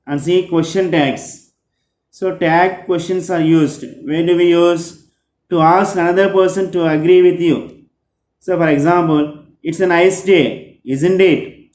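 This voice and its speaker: Slow-talking male teacher, echoey room. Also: fairly high pitch, steady tone, a little mellow. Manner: slow, repetitive explaining with frequent "so". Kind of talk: classroom grammar lesson.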